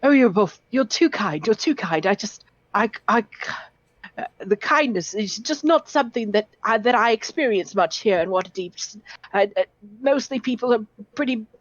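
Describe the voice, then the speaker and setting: A woman's voice: on the high side, lively intonation, moderate pace, no echo, pitched above the performer's own voice. Woman voicing a stammering bookish young lad. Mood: timid, grateful. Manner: stammering, overly polite. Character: bookish, shy, stammering young male mage's page. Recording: dull dry lo-fi audio.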